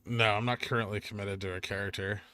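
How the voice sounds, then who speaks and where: A man's voice: fairly low pitch, fairly even intonation, fast talker, bright, forceful tone, clean tone, no room sound. A middle-aged man hosting a finance stream, chatting casually with viewers and joking at his own expense. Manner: joking, self-deprecating. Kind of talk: casual live-stream chat reading comments.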